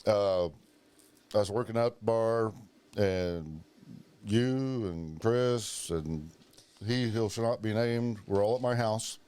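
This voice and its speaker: This podcast host has a lowish, slightly mellow voice that comes across clear and resonant, and he speaks slowly. Chatting casually, he spins profane tales and performs the voices of whoever he's quoting.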